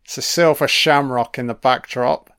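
A man's voice: medium pitch, fairly even intonation, moderate pace, fairly bright tone, clean tone. Sweary man doing film commentary. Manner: sweary, blunt and sarcastic.

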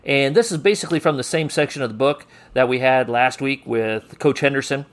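A podcast host runs a coaching podcast as an easygoing, chatty interview, teasing his guest and reading out a quote of the day. He speaks a little fast in a mid-range voice.

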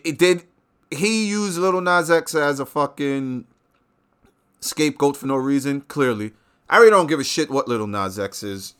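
A man rants on his show in a bright, cutting voice. He swears constantly and keeps jumping into loud outbursts. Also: medium pitch. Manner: profane, animated ranting with sudden loud outbursts. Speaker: show host. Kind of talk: ranting monologue.

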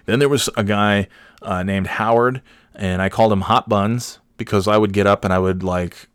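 Man, low voice, dry close sound, casual rambling anecdote, swears a lot, lots of fillers. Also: fairly even intonation, moderate pace, clean tone, no echo. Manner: rambling, profane, filler-heavy, growing exasperated. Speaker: storyteller.

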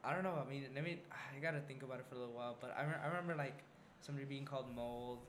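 A young man chats on a podcast with a blunt, crude edge, swearing easily and trailing off while he hunts for the next word. His voice sits at an ordinary pitch for a man. There is a clear hiss of background noise under the recording. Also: a bit bright. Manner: blunt, swears freely, halting storytelling. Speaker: podcast co-host. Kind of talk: casual chat.

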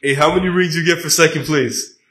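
A man's voice: on the high side, a little fast, fairly bright tone. A man co-hosting a casual sports podcast, teasing and heckling his friends in loose slang. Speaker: podcast co-host.

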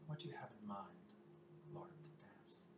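A regal fairy queen, measured and stately, as a man puts her on for a tabletop game. The voice sits at an ordinary male pitch. It sounds distant and roomy, with loud ambience behind. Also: expressive, heavy background noise, natural voice. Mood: curious.

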